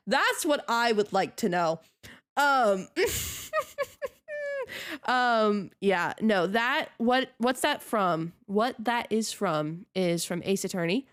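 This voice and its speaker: A woman's voice: mid-range voice, very animated, slow pace. A woman streamer chatting casually on a live stream, ranting in an exasperated way and laughing often.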